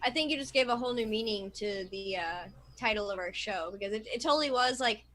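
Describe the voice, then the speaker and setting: A woman co-host in casual panel chat, animated and swearing freely. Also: on the high side, quick pace, few pauses, rough recording.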